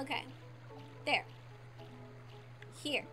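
A woman's voice: high-pitched, a little fast, pauses often, a bit bright. A young woman streamer gushing and squealing over her video game as she plays. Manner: gushing, squealy, laughs often. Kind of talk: excited gameplay commentary. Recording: faint game music behind.

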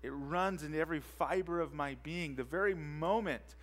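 A man who is a pastor, preaching a sermon with emphatic repetition and rhetorical questions, moving between quiet and loud for emphasis. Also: fairly high pitch, moderate pace. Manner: emphatic, repeats key phrases and asks rhetorical questions. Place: church sanctuary.

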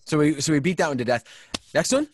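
A man's voice: on the high side, fast, a little hiss or hum. A man hosting a casual video chat, moving things along and laughing with the guests. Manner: relaxed moderator, laughs along. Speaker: host.

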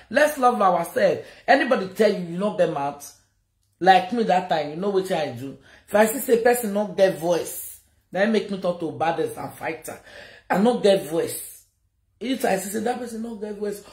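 A woman's voice: on the low side, darkish tone, reverberant. A Nigerian woman giving an emotional live video message, scolding and repeating her warnings. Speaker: social media personality.

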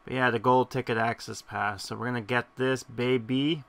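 A man's voice: medium pitch, steady tone, moderate pace, vocal fry, a bit bright. A man giving gameplay commentary, rambling and correcting himself as he goes. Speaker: game commentator.

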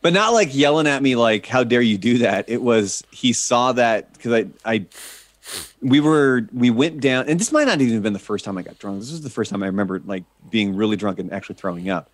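A man co-hosting a podcast, telling a story in an animated way and laughing as he goes. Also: mid-range voice, brisk, dry recording. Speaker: podcast co-host. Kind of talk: casual storytelling chat.

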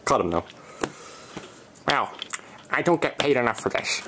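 A woman's voice: a bass voice, animated, a little slow, background noise. A woman making wry, joking asides while commenting behind the scenes of her stop-motion work. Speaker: stop-motion hobby animator.

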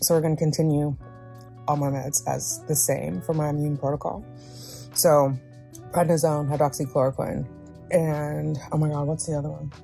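Lowish-voiced woman in her 30s doing a chatty vlog, faint music behind. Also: little pitch movement, moderate pace, gravelly, warm tone. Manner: chatty, talks herself through her groceries. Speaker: vlogger. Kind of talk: casual vlog chat.

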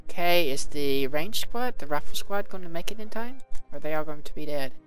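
Guy narrating his game, reading the fight log out loud, chatty asides, soft music under it. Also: on the high side, lively intonation, a little fast, low-quality recording. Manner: reads game text aloud with casual asides. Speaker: let's play commentator. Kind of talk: game commentary reading combat logs.

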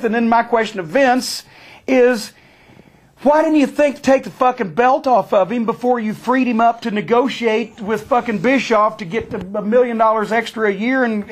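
A man telling a backstage story in a profane, sarcastic, animated way. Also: sits high. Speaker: storyteller guest.

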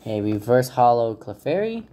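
A man hosting a casual card-pack opening video, talking in a relaxed, hesitant way with frequent fillers and unsure pronunciations. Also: mid-range voice, normal speed. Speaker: channel host opening trading card packs. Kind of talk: casual unboxing commentary.

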